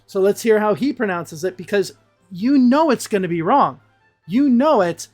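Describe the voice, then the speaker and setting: An exasperated woman teacher talks through her reactions in a loose, casual way. Her voice sits at a middle pitch for a woman, and she is blunt, cursing freely as she picks things apart. Faint music plays behind her. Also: lively intonation, moderate pace, darkish tone. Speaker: English teacher.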